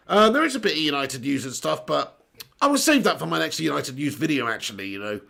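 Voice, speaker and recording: A man's voice: on the high side, wildly swooping pitch, brisk, gravelly, pushed and bright. A young man hosting a live football watch-along, chatting and joking while he reads out viewers' comments. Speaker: live stream host.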